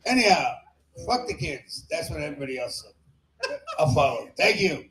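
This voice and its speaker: A man's voice: a little high, sing-song, normal speed, fairly bright tone. A man doing a crude, rambling open-mic stand-up set in a small bar, laughing at his own jokes on a handheld mic. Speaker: stand-up comic. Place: small comedy bar stage. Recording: echoey bar room.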